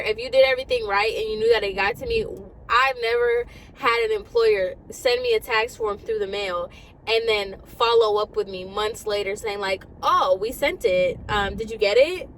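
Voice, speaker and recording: Young woman ranting fast in a parked car. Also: a little high, a little hiss or hum, low-quality recording. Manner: exasperated, ranting, rapid and animated. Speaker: vlogger. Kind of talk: casual rant to camera.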